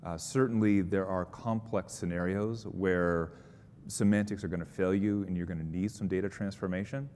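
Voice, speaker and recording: A man's voice: fairly even intonation, normal speed, darkish tone. A man presenting at a conference, answering audience questions in an upbeat, explanatory, conversational way. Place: conference hall. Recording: long hall reverb, faint rumble.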